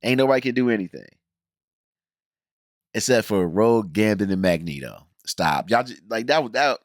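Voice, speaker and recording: A man reviewing a show in an animated, exasperated rant, blunt and full of slang. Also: on the low side, moderate pace, no room sound, studio quality. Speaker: video reviewer.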